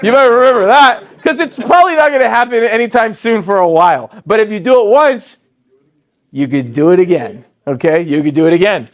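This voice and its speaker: A man in his forties with a high voice gives a lively motivational training talk. He punches up his excitement with sudden jumps in pitch, then drops low and calm when he quotes someone else. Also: fairly quick. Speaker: sales training speaker.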